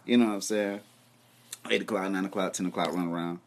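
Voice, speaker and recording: A man telling a comic story about his girlfriend, animated, profane and laughing as he goes. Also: deep voice, fast talker. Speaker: comedian. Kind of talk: stand-up storytelling.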